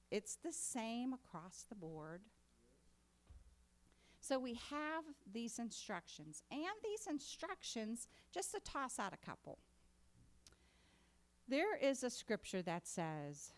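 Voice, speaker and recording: A woman's voice: mid-range voice, sing-song, slow. A woman preaching a sermon in a conversational way that builds to emphatic exhortation. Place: congregation meeting hall.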